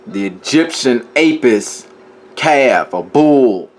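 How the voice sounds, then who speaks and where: A man's voice: mid-range voice, lively intonation, takes it slowly. A man teaching from scripture in a casual way, reading passages aloud and often stopping to correct himself and talk to his viewers. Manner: informal, talks straight to viewers. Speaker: religious teacher.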